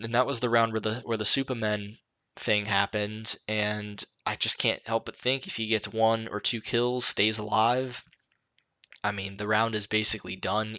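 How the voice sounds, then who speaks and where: A young man talks through an esports match on his own podcast, tired and rambling, full of fillers and restarts. His voice sits low but comes out bright and forceful. The sound is dry and close. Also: dry recording. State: tired, yawning. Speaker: podcast host. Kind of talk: solo esports podcast analysis.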